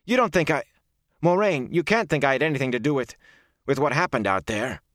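A man reading an audiobook, voicing a frightened young man who speaks in a strained, halting way. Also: medium pitch, big pitch swings, a bit bright, breathy edge, no echo, clean studio sound, voice pushed up, heavily acted. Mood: anxious. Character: frightened young village man, anxious and pleading.

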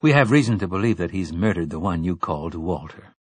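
A man reading as a composed, stern young woman who talks in measured, formal sentences. The voice stays low and husky, close and dry. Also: lively intonation, dry recording.

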